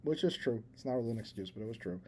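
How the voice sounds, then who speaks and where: A man co-hosts a casual podcast, telling a story at length. His voice is mellow and relaxed, and he mocks himself and laughs along as he talks. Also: medium pitch, rapid-fire, slightly rough. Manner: rambling storyteller, self-deprecating, laughs at himself. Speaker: podcast co-host. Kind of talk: casual chat.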